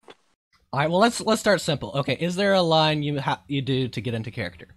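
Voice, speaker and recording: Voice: medium pitch, no room sound. A podcast host running through interview questions, scattered and self-correcting. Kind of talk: casual podcast chat.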